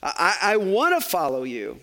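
Preacher voicing a bewildered follower, stammering and earnest, pitched high. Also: male voice, huge pitch swings, normal speed, sharp tone, heavily acted. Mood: pleading. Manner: stammering, protesting.

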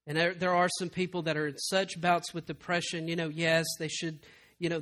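A man preaching a sermon in a church, swinging between loud emphatic passages and hushed, intimate ones. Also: a little high. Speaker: pastor.

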